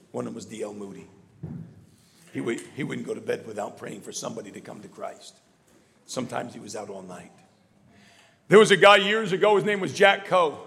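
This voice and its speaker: Gravelly high-voiced preacher in a reverberant hall. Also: male voice. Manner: preaching with call-and-response, swinging from low murmur to shouting. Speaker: pastor. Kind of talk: sermon.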